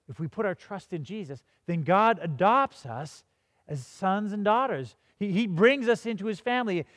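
High-voiced man preaching a sermon. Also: fairly bright tone, no room sound, clean studio sound, long reverb tail. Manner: storytelling with frequent restarts and repeated words. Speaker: pastor.

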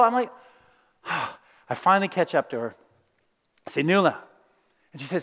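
A man preaching a sermon, lively and conversational, often asking "right?" and acting out quoted voices. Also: high-pitched, fairly quick, long pauses, breathy edge. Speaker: pastor. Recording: reverberant hall.

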